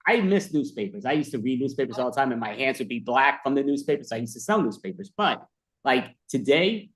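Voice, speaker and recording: A man's voice: medium pitch, big pitch swings, a little fast, fairly bright tone. Rambling, exasperated man chatting. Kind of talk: casual chat.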